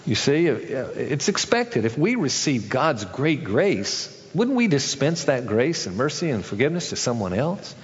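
A man's voice: big pitch swings, unhurried, few pauses, long reverb tail, highs cut off. A male pastor preaching a sermon, acting out the people in a parable with changes of voice. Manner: acts out characters in a story, shifting pitch for each.

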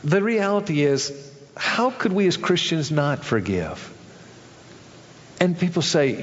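A man's voice: very animated, slow pace, long pauses, big-room sound, lo-fi sound. A male pastor preaching a sermon, acting out the people in a parable with changes of voice. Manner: acts out characters in a story, shifting pitch for each.

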